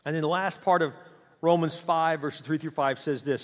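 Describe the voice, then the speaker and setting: A middle-aged male pastor preaching with passion, his fairly high voice leaping from loud, quick bursts to hushed, slow lines. The sound carries a long hall reverb around him. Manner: passionate preaching with big swings in loudness and pace. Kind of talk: sermon.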